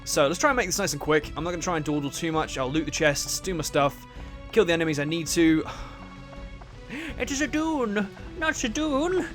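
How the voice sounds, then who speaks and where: A man's voice: fairly high pitch, fast talker, over music. A man giving casual, rambling commentary over a video game. He jokes, swears a lot and laughs often. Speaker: let's play host.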